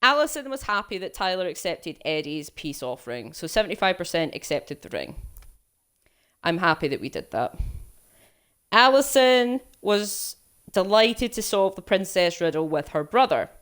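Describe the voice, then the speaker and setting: A woman's voice: lowish voice, sing-song, moderate pace, fairly bright tone, smooth. Laughing, sweary woman streamer. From United Kingdom. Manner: laughs a lot, swears freely, rambling banter. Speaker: game streamer. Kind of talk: casual let's play commentary.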